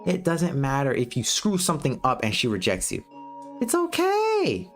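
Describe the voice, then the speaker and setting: A man's voice: fairly high pitch, moderate pace, soft background music. An American man giving blunt, profane dating advice in a casual livestream monologue. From United States. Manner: blunt, profane, animated lecturing.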